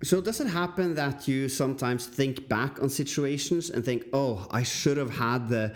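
A man's voice: mid-range voice, normal speed. A man interviewing a guest, asking hesitant, stammering questions.

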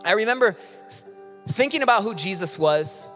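An earnest man preaching in a large auditorium, his voice slightly high and often sinking into a soft hush. A long reverb hangs on his words, and faint music plays beneath them. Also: lively intonation, normal speed. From Michigan. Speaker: worship leader and preacher. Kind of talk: sermon.

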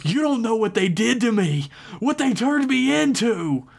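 A man's voice: extremely high pitch, expressive, unhurried, vocal fry, slightly rough, voice pushed up, exaggerated voice. A man voicing a panicked, ranting man who is turning into a monster. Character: panicked mutating man, desperate killer.

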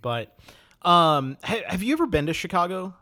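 A man's voice: sits high, big pitch swings, moderate pace, bright, forceful tone. A man from Wisconsin, a podcast host, reflecting casually on a book with many "you know"s. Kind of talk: casual chat.

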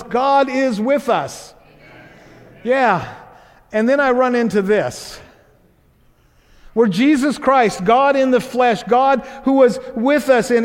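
A man preaching a sermon as pastor, earnest and conversational, with fillers and repeated words. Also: sits high. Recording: reverberant hall.

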